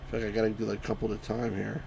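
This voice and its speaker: A man streaming a retro game live, commenting excitedly, shouting at the on-screen sheep and greeting chat viewers. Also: on the low side, very fast, gravelly, noisy background. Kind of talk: live let's-play commentary.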